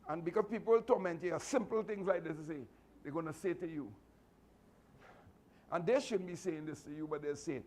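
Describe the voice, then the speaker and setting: A man's voice: fairly high pitch, normal speed, long pauses, darkish tone. A man, a martial arts instructor giving a motivational speech to his students, earnest and repetitive with many restarts. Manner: fatherly advice giving.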